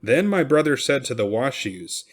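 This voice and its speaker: Expressive man reading a memoir. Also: mid-range voice, moderate pace. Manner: expressive, raising the voice for cried-out quotes. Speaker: reader. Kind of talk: reading a historical memoir aloud.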